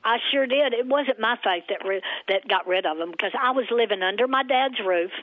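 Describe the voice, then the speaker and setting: A woman guest telling a personal faith story in a lively, storytelling way. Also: on the high side, normal speed, no echo. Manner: animated, acts out her father's voice in quotes. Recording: tinny phone-like sound.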